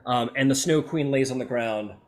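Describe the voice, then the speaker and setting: A man's voice: mid-range voice, normal speed, a little mellow. Male game master, casual, filler-heavy narration. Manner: rambling, with many fillers like "um" and "like".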